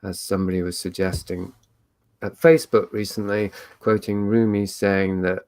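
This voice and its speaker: A man's voice: low-pitched, steady tone, normal speed, a little mellow, smooth, no echo. A man hosting a live online meet, talking in a rambling, reflective way with many fillers and restarts. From England. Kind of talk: casual solo talk.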